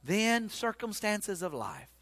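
Male preacher, high voice, folksy animated storytelling, reverberant hall. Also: takes it slowly. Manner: animated, folksy storytelling with sudden loud bursts. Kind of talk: sermon.

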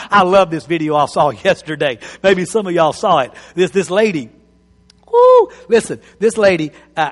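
Man, pastor preaching, high voice, long reverb of a hall. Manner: animated, repeats phrases, acts out quotes. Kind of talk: sermon.

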